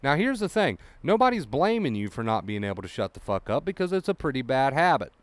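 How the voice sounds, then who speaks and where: An anxiety recovery coach delivers a blunt, profane monologue to anxious listeners, hammering each point home by repeating it. His medium-pitched voice is very animated and a little fast, recorded dry and close with no echo.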